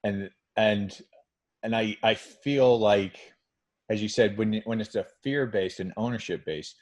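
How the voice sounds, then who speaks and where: Earnest low-voiced man hosting. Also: a little slow. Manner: earnest, emphatic, restarts phrases often. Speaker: podcast host. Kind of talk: conversational interview.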